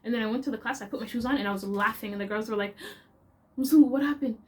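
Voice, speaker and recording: A woman's voice: mid-range voice, very fast. Chatty young Canadian woman telling stories. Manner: animated, chatty and expressive. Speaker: vlogger. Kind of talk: casual storytelling.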